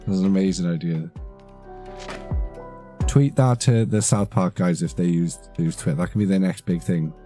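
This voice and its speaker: A man's voice: deep voice, normal speed, long pauses, mellow, faint music behind. A man in his thirties, chatting casually and rambling on a live stream, swearing casually.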